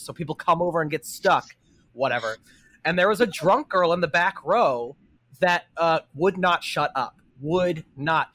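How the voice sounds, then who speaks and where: A man co-hosting a podcast, telling animated stories in casual chat and swearing freely. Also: on the high side. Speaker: podcast co-host.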